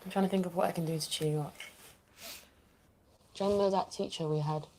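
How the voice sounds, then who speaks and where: A woman's voice: fairly low pitch, steady tone, fast talker, a little mellow, a little hiss or hum, natural voice. An actress playing a chatty young woman who teases her friend. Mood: amused. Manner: teasing, giggly.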